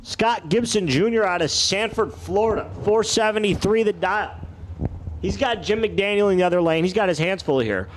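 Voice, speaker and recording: A man's voice: sits high, moderate pace, a little hiss or hum. A man calling a drag race live, with folksy, joking banter between runs. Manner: folksy, playful announcer banter. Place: outdoor dragway.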